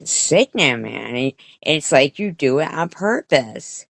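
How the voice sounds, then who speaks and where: A woman's voice: deep voice, sing-song, measured pace, vocal fry, a bit bright, dry recording. A woman streamer giving a rambling, profane commentary rant, with many restarts and quoted voices.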